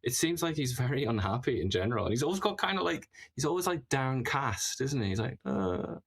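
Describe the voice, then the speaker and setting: A man's voice: mid-range voice, lively intonation, fast, vocal fry, husky. A man hosting a political commentary show, talking in an opinionated, sarcastic way, full of mocking rhetorical questions.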